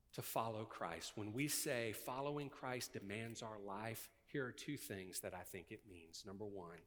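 Male pastor, bright forceful tenor, rising to loud peaks and dropping to hushed lows, long hall reverb. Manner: swings from loud preaching to hushed intensity. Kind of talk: sermon.

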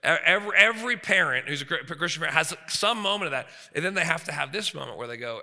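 A man in his thirties preaching a sermon, animated, swinging from loud to quiet. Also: on the high side, fast talker, gravelly. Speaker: pastor. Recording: long hall reverb.

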